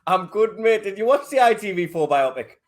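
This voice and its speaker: Chatty Geordie comedian, slightly high voice. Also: male voice, expressive, a little fast. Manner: chatty, self-deprecating humour. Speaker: stand-up comedian guest. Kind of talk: casual podcast chat.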